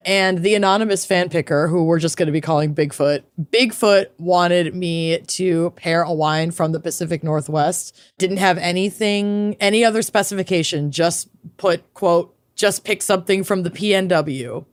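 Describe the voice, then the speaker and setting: A woman's voice: fairly low pitch, normal speed, few pauses, dry recording. A woman co-hosting a podcast in casual chat, playful and chatty, stretching words for emphasis. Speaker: podcast co-host.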